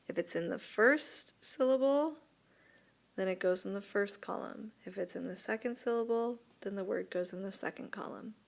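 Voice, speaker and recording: A woman teacher talks through a recorded lesson at a very slow, careful pace. Her voice has a gravelly edge. She repeats words clearly for young students. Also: mid-range voice. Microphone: tablet microphone.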